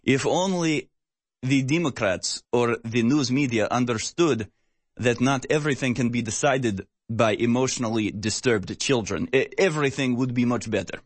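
A man's voice: mid-range voice, normal speed, dry recording, lightly acted. A man putting on a heavy Russian accent, mocking. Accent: Russian, put on.

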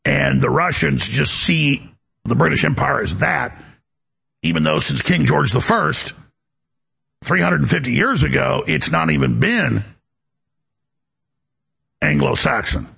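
Gravelly, lively-voiced male talk host. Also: medium pitch, a little slow, long pauses. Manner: emphatic, rambling, repeats words when ranting. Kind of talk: political talk monologue.

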